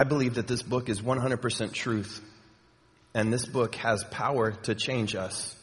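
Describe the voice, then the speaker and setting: Casual preacher in a reverberant church hall. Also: male voice, mid-range voice. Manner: conversational, with many fillers and repeats. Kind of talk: sermon. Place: church sanctuary.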